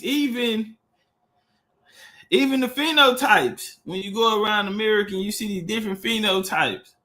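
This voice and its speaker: High, bright-voiced man on a livestream. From Texas. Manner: loose, profane, repeats words while searching. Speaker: livestream host. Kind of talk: casual livestream talk.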